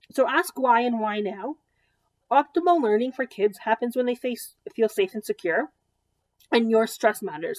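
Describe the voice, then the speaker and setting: A woman's voice: mid-range voice, a little mellow. A woman in her thirties, a child development therapist, giving an educational presentation to parents in a conversational way with frequent ums.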